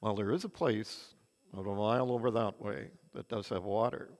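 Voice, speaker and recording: An older man voicing a polite desert tent-dweller who answers in a low, soft, courteous deadpan while preaching in a reverberant hall. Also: normal speed, close to an everyday voice. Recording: long reverb of a large hall.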